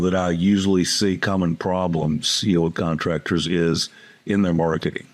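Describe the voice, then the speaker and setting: A man with a low, husky voice speaks as a business coach in a relaxed interview. He is plainspoken and folksy and tells stories from his client calls. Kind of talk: casual interview talk.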